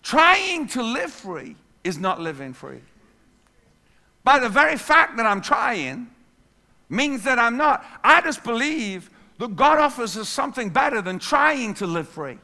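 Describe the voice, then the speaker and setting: A man's voice: very high voice, big pitch swings, a little slow, pushed and bright. A male pastor preaching a sermon in an emphatic way, repeating key phrases for weight.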